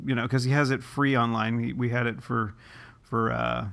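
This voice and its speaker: A man's voice: medium pitch, flat delivery, moderate pace, vocal fry, a bit bright. A man co-hosting a podcast in casual chat, rambling and hesitant, often trailing off and laughing. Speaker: podcast co-host.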